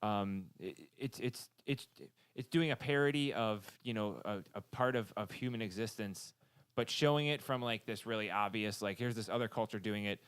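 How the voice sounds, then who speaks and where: A man co-hosting a podcast in loose, rambling chat, stopping and restarting his thoughts often. His voice is smooth and clear. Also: fairly low pitch, fairly bright tone. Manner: rambling, halting with many restarts. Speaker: podcast co-host. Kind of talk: casual chat.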